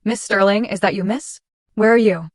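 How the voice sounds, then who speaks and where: A woman's voice: mid-range voice, moderate pace, dry recording, studio quality, close to an everyday voice. A woman voicing a worried, loyal older man on the phone in a storytime reading. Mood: urgent. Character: worried older male family servant.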